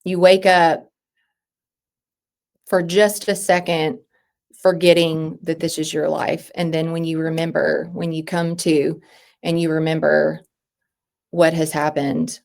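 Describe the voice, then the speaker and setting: A woman in her thirties, a podcast guest, speaking in an emotional personal interview with halting phrases that restart and trail off. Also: low-pitched, flat delivery, creaky, darkish tone.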